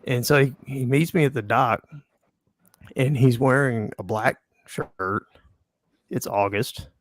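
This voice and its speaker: A man's voice: medium pitch, slow, no room sound, studio quality. A man who works as a fishing guide, telling a wry story about a customer in an easygoing, chatty way. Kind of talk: casual storytelling chat.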